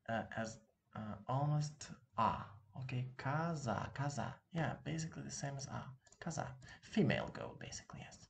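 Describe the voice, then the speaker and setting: Male teacher, Russian accent, low gravelly voice, patient drills, faint street noise from an open window. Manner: patient, repeats words slowly for practice. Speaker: language teacher. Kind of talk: casual online lesson.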